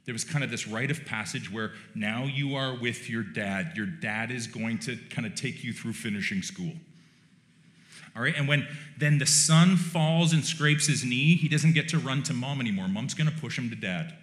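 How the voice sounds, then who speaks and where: A male pastor preaching a sermon in a relaxed, conversational way, with wry joking asides. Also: medium pitch, moderate pace. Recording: roomy church echo.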